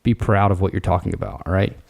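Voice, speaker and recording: A man hosts a solo advice podcast, speaking low with a gravelly edge. His tone is mellow and relaxed, direct and coaching rather than formal. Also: fast talker. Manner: casual, direct, coaching tone with frequent "all right". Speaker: podcast host.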